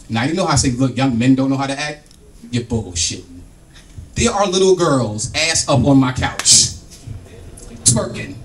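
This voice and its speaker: Animated, loud stand-up comic man. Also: on the high side, fairly quick, recorded from a distance, a little hiss or hum. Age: middle-aged. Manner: loud, animated, profane, acts out family bits. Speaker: stand-up comedian. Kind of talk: stand-up comedy set. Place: comedy club stage with live audience.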